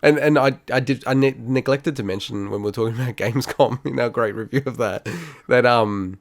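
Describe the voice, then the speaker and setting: A man's voice: medium pitch, fairly quick, dry recording, clean studio sound. A man co-hosting a podcast, arguing his point in casual chat and laughing often. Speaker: podcast co-host.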